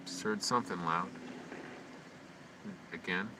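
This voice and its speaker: Quiet low-voiced man rambling on a late-night livestream. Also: takes it slowly. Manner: quiet, anxious self-talk with frequent restarts. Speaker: live streamer. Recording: distant mic with constant hum.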